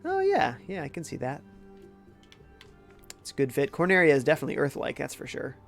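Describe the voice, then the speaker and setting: With faint music behind him, this young streamer speaks briskly in a higher-pitched voice with some vocal fry. A cold has left him stuffed up, yet he stays relaxed, gaming and reading out the chat.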